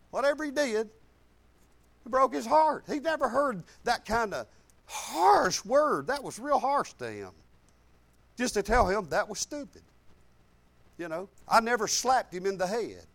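A man in his fifties delivers a sermon through folksy personal stories, his grammar loose and conversational. His voice sits high and swings widely up and down as he preaches. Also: unhurried. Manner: folksy, animated storytelling with colloquial grammar.

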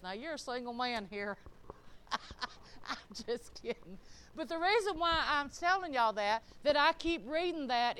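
A church speaker delivers an informal, folksy sermon to her congregation, speaking straight to the listeners and asking them questions. Her voice is high-pitched and a bit bright.

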